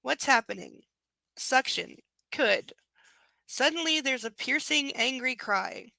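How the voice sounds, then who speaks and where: A young woman reads a novel aloud with a high, gravelly, bright voice, close and dry. She keeps breaking into snarky, profane asides between the passages. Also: animated, unhurried, dry recording. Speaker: book reader. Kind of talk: live reading with sarcastic asides.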